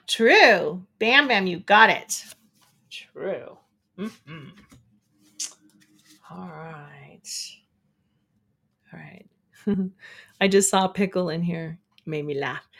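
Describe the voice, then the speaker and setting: A woman's voice: medium pitch, fairly bright tone. A woman hosting a casual live stream, reading trivia questions aloud to her viewers, chatty and often giggling.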